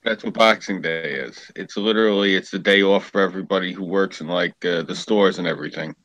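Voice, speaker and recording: A man's voice: deep voice, fairly quick, a bit bright, no room sound, low-quality recording. A man chatting casually in a dry, matter-of-fact way. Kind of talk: casual chat.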